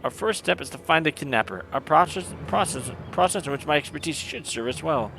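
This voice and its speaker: Brisk, confident male engineer in a game, wordy and quick, read by a man. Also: a little high, animated, vocal fry, bright, forceful tone, a little hiss or hum, voice pushed up, heavily acted.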